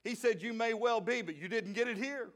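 A man with a Southern US accent preaching a lively sermon as pastor, dropping into quiet asides and jokes before rising to shouted praise. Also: very high voice, normal speed.

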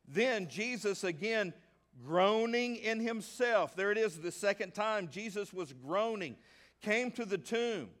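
A male pastor from the American South preaching a sermon. He reads scripture at length and asks the congregation questions that he then answers himself. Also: sits high. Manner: reads scripture aloud at length, slowing on key words; bursts into excitement.

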